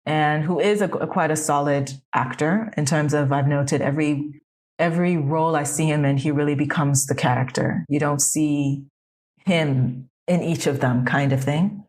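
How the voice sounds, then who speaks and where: Co-hosting a podcast, a woman talks through a film in a casual, thoughtful, questioning way. She speaks at a normal speed in a low, slightly mellow voice with fairly even intonation.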